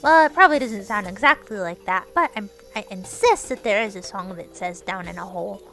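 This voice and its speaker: A woman's voice: mid-range voice, a little fast, fairly bright tone, faint music behind. A woman talking through her game in casual, playful commentary, chatty and narrating her own moves, with bursts of teasing mock scolding. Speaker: gaming streamer.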